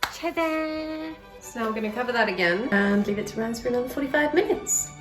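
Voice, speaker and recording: A woman's voice: fairly high pitch, fast. A woman hosting a casual home cooking vlog, bubbly and gushing, talking fondly to her bread as she bakes. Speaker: cooking vlogger. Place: home kitchen. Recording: echoey room, faint music.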